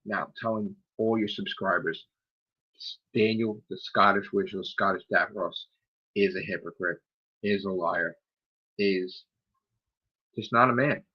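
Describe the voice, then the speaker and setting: A man's voice: on the low side, fairly even intonation, measured pace, long pauses, breathy edge, dull audio. A man hosting his own live stream, ranting in a heated, profane, scolding way. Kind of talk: angry live-stream rant.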